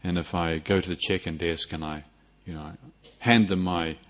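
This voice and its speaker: The speaker is an older monk from New Zealand delivering a contemplative dharma talk at a moderate pace. His voice is low with fairly even intonation, he restarts often, and he lightens things with humor, all captured on a dull lo-fi recording.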